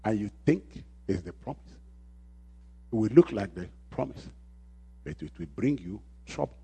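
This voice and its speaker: A male pastor preaching a sermon, repeating key phrases and calling on the congregation to answer, swinging between shouts and quiet lines. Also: on the low side, lively intonation, normal speed, gravelly, slightly rough.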